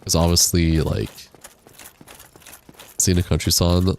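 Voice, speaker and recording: A young man streaming a game, chatting casually with a deep, crackly chest voice on a high-quality microphone, laid-back and rambling with casual swearing. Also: normal speed, a little mellow. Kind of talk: casual livestream chat while gaming. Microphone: high-quality studio microphone.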